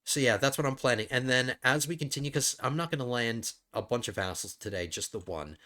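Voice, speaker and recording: A man's voice: mid-range voice, expressive, fairly quick, pushed and bright. A man hosting a let's play, thinking aloud in casual gameplay commentary, rambling with frequent restarts.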